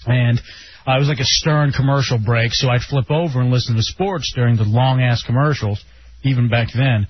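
A man's voice: medium pitch, fairly even intonation, brisk, lo-fi sound, slight background noise. A man hosting a casual radio talk show, telling stories in a laid-back, jokey way. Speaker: radio host.

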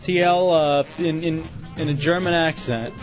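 A man's voice: a little high, measured pace. A man hosting a radio dating game, joking and chuckling through the banter. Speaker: radio show host. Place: radio studio. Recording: slightly dull radio broadcast with music.

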